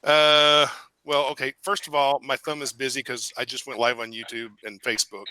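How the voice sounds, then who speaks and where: A man playing a tabletop game, thinking his move through out loud. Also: mid-range voice, level tone, moderate pace, clean tone, no room sound, poor audio. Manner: plans aloud with hesitations. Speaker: player. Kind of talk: casual chat.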